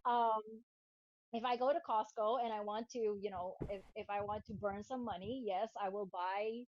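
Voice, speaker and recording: A woman chatting casually as a guest, telling stories in an animated way. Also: medium pitch, moderate pace, muffled recording, a little hiss or hum. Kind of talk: casual chat.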